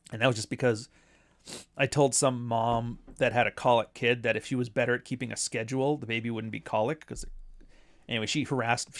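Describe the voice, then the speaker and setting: A man from Canada hosting a casual livestream, talking bluntly and with sarcasm. His voice sits at a middle pitch. He often breaks into laughter at his own jokes. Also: vocal fry. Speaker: commentary streamer.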